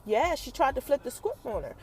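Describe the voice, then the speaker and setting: A woman's voice: high voice, very animated, brisk, husky. A woman hosting a podcast, casually recapping a TV episode in a chatty storytelling way and talking straight to her listeners. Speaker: podcast host.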